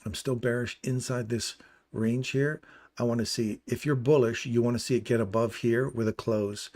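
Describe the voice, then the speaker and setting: A man's voice: mid-range voice, little pitch movement, normal speed, a little mellow. A man hosting a live trading stream, casually walking through chart levels and explaining entries as he points them out.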